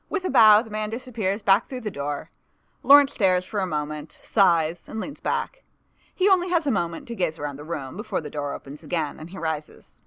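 A woman reads a story aloud with an expressive, lively voice that moves freely up and down. The sound is close and dry, with no room around it. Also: on the low side, normal speed, no room sound. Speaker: narrator. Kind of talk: storybook reading.

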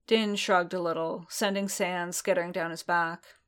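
A woman narrating a fan fiction audiobook in a measured storytelling manner. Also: lowish voice, steady tone, a bit bright, smooth.

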